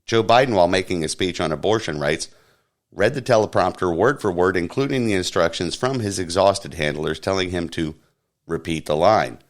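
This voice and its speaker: A man hosting a podcast, reading a satirical news roundup in a deadpan newsreader manner. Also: low-pitched, normal speed. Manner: deadpan mock newsreader, puts on silly voices for quotes. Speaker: podcast host.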